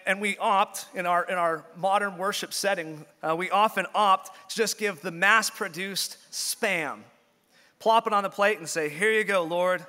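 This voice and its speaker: In a church sanctuary, a pastor preaches an earnest sermon, often restarting his sentences. His voice is fairly high, bright and forceful, and the hall adds a long reverb.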